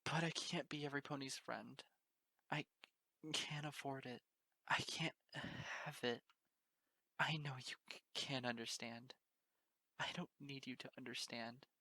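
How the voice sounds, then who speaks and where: A man's voice: mid-range voice, fairly even intonation, slow pace, bright, forceful tone, slightly rough, dry recording, voice pushed up, heavily acted. A man voicing a grieving young female unicorn pony who whimpers and stammers through tears. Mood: sobbing.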